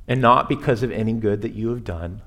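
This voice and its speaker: Man preaching with animated, conversational swings. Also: a little fast, creaky. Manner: conversational preaching with wide swings in pitch and loudness. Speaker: pastor. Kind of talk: sermon. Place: church sanctuary.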